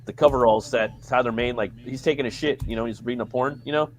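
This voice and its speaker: A man's voice: medium pitch, fast. Guy on a movie podcast, swears a lot, rambles through stories. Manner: profane, rambling storyteller. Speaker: podcast co-host. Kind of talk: casual chat.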